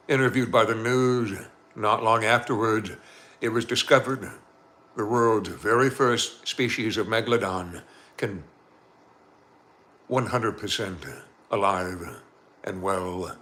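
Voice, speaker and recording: A man's voice: mid-range voice, bright, forceful tone. A man hosting a live stream, telling a suspenseful story with dramatic narration and chatty asides to his viewers. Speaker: storyteller and channel host.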